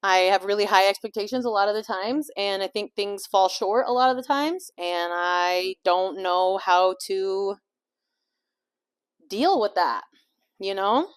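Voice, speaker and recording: A woman's voice: medium pitch, a little slow, smooth. A woman vlogger and life coach in a home kitchen, rambling candidly through a casual chat full of fillers and swearing. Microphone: small clip-on mic.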